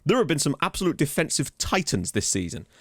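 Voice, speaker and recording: Male gamer host, fast casual commentary, animated and easily surprised, dry close mic. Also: on the high side, no echo. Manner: chatty, thinking aloud, easily amazed. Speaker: let's play host.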